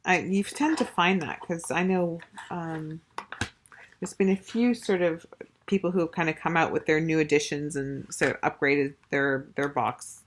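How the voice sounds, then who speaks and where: A woman's voice: low voice, unhurried, slight background noise. A woman casually reviewing a tarot deck, gushing and chatty, with lots of fillers and restarts. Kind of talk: casual show-and-tell review.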